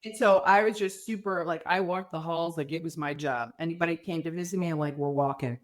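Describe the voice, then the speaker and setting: A middle-aged woman with a somewhat low voice speaks briskly as a podcast guest telling her story. She's candid and slips into quoted dialogue, giving the voices animated treatment.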